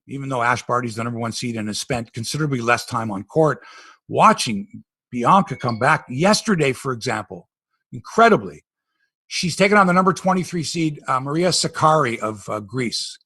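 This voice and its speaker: A Canadian man hosting a casual sports podcast, telling stories with animated tangents. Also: fairly high pitch, breathy edge, dry recording. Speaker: podcast host.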